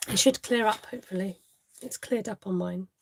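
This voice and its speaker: A woman's voice: mid-range voice, moderate pace, gravelly, background noise. A woman hosting a live card-making tutorial, chatting to viewers and laughing often as she works.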